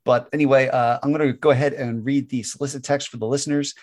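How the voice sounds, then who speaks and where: A man's voice: medium pitch, steady tone, fast talker, a little mellow. A man hosting a casual comics podcast interview, laughing often and restarting his sentences. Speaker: podcast host.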